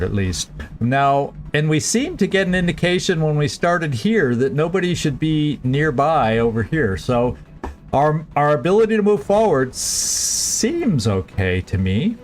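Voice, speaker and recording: Man thinking aloud over a strategy game. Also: medium pitch. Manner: thinking aloud, halting restarts, planning moves. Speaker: gameplay streamer. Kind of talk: casual let's-play commentary.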